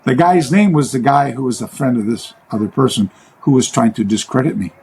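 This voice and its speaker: A man speaking as an interview guest in a casual chat, rambling and halting, with many fillers and restarts. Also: mid-range voice, creaky, a little mellow, a little hiss or hum, poor audio.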